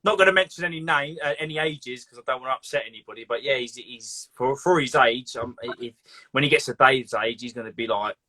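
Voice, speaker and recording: A man hosting a live stream, talking excitably and stumbling over his words in casual chat. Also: mid-range voice, brisk. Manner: excitable, stumbling, swears freely.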